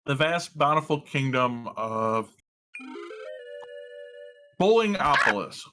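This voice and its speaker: A man voicing a villain who vows to conquer a kingdom for his master, reading the lines slowly and plainly. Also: medium pitch, big pitch swings, bright, forceful tone, faint music behind, exaggerated voice. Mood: declaiming. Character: power-hungry male villain serving a master.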